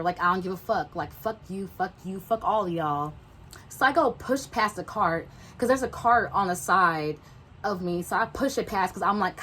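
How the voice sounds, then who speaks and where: A young woman vlogger telling a storytime, swearing freely and acting out everyone's lines in lively voices. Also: medium pitch, a little hiss or hum, rough recording. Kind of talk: storytime vlog.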